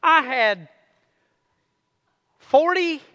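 Male preacher, sermon, bright tone, long church-hall reverb. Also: very high voice, animated. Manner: calls for amens, reads scripture slowly, jokes with the congregation. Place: church sanctuary.

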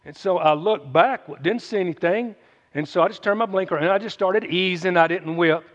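A man's voice: high voice, moderate pace. A man, reading scripture and then preaching in a folksy, joking way with asides to listeners, speaking through a runny nose. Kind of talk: Bible reading and sermon. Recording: muffled, with long reverb.

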